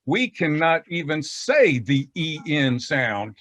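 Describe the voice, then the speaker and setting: A man with a Southern American accent rambles through a casual talk, folksy and self-deprecating, with frequent laughs. His voice sits a bit higher than most men's. He sounds like he is speaking over a video call. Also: sing-song, slow pace, fairly bright tone.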